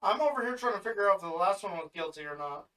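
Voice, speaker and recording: A man's voice: high voice, lively intonation, quick pace, pushed and bright, far from the mic. A man co-hosting a casual podcast, chiming in with short questions and reactions. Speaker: podcast co-host.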